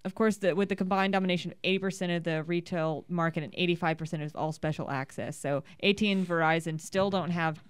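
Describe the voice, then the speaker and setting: A young woman co-hosting a casual radio show, chatting excitedly through tech news with lots of restarts. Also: fairly low pitch, fast, few pauses, smooth, no room sound. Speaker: podcast co-host reading tech news.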